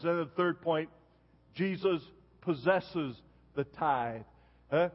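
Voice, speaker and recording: A man's voice: on the high side, takes it slowly, long pauses. A man in his seventies preaching a sermon as pastor, telling stories and punctuating them with a questioning "huh?". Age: 70s. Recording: dull long reverb of a church hall.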